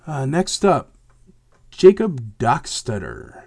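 A man hosting a casual chat answering viewer questions, his voice hoarse and raspy from illness, rambling with many fillers and turning emphatic. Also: medium pitch, huge pitch swings, takes it slowly, a little mellow, dry recording. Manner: rambling, many fillers, gets heated and emphatic about fakes.

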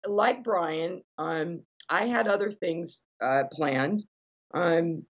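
A woman's voice: on the low side, extremely slow, dull audio. A woman musician chatting casually in an interview, rambling with plenty of fillers and restarts. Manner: chatty and rambling, with many fillers and self-corrections. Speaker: guitarist and stage musician.

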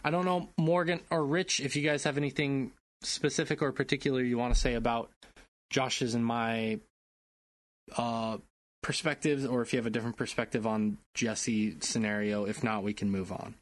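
A man's voice: mid-range voice, fairly even intonation, normal speed, no echo. A man co-hosting a casual podcast, rambling a little and correcting himself as he talks about games. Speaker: podcast co-host. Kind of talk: casual chat.

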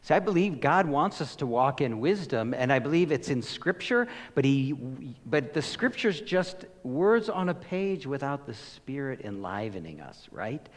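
A middle-aged male pastor giving a conversational sermon, telling stories with lots of fillers and laughs and animated shifts between loud and hushed. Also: medium pitch, moderate pace, few pauses, long reverb tail.

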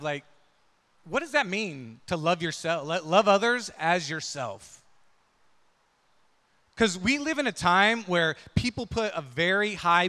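A man's voice: sits high, sharp tone, in a large hall. A man preaching a sermon through a personal story, talking conversationally and checking in with listeners with "right?" and "yeah?". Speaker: pastor.

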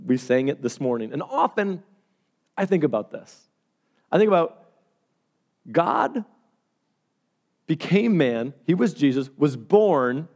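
Animated male pastor preaching. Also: fairly high pitch, slow, long pauses. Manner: animated storytelling, swings from loud to hushed. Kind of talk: sermon.

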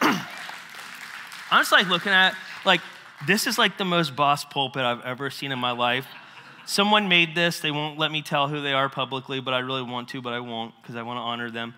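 A man's voice: fairly high pitch, normal speed, in a large hall. A man preaching a casual, conversational sermon as a pastor, acting out quotes and asides. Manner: conversational, animated, acts out quotes. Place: church sanctuary.

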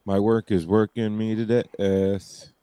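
A man in a casual movie chat, rambling with halting restarts and casual swearing. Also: lowish voice, level tone, mellow, smooth, no room sound. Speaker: podcast guest.

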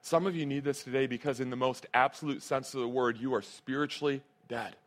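A man's voice: mid-range voice, fairly even intonation, a little fast. Earnest man preaching a sermon. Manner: earnest, emphatic, repeats key phrases. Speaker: pastor.

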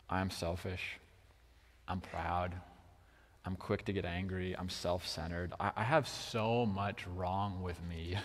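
A young man preaching a sermon about his children in a casual way, full of "like", moving between hushed and loud moments. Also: low-pitched. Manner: casual, heavy use of "like", swings from hushed to loud. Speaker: pastor. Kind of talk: sermon with personal story. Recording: long hall reverb.

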